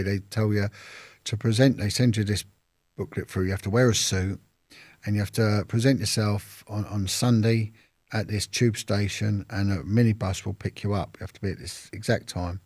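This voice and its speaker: Brief: London man, low gravelly voice, husky, rambling storyteller. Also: moderate pace, darkish tone, dry recording, studio quality. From London, England. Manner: rambling, with restarts and acted-out quotes. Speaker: interview guest. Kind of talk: casual storytelling.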